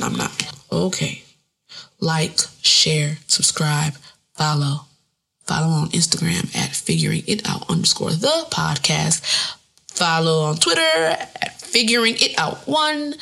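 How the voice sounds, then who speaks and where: A woman hosts her own podcast and rambles on in a joking, profane way. Her voice is gravelly and a bit husky. Her pitch swings up and down a lot as she talks. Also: pushed and bright. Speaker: podcast host. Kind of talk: casual solo podcast monologue.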